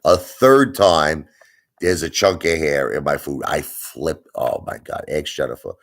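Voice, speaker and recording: A man hosting a live stream, telling a story in a casual, animated way, with plenty of swearing and repetition for emphasis. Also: rumbling low, unhurried. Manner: animated, profane, repeats himself for emphasis. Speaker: livestream host.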